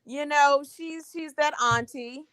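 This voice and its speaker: A woman's voice: sits high, slow pace, fairly bright tone, no room sound. A woman giving her opinion in casual chat, hesitant and full of "you know" fillers. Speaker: guest panelist.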